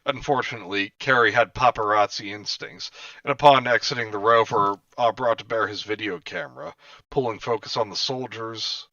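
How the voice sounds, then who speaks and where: Bright-toned man reading a book aloud. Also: medium pitch, normal speed, no room sound. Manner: reads narration plainly, breaks off for crude jokes. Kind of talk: casual book reading with joking asides. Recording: dull lo-fi sound, a bit far from the mic.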